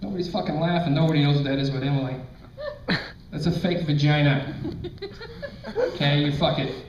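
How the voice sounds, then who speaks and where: Crude stand-up comic in a club. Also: male voice, a little high, brisk. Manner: crude, deadpan storytelling with sudden loud punchlines. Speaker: stand-up comedian. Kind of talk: stand-up comedy set. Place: comedy club stage. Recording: roomy, distant, dull club recording with faint noise. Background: audience laughter.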